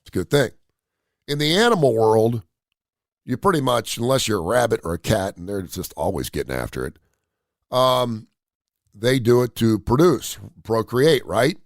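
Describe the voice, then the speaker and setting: A man's voice: mid-range voice, normal speed, creaky, no echo, clean studio sound. A man hosting a live radio show, ranting bluntly with crude humor. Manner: blunt, opinionated, animated rants with crude humor. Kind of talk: casual live-stream monologue.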